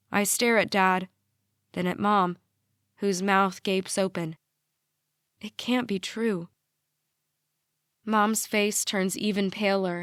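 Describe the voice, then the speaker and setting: A woman's voice: medium pitch, fairly bright tone, clean tone, dry recording. A woman narrating a young adult novel in the first person, earnest and intimate, on a close mic. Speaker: audiobook narrator.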